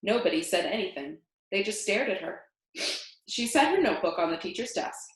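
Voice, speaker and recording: Animated woman reading a storybook. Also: medium pitch, fairly quick. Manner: expressive, animated. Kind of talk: reading a children's book aloud. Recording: echoey room.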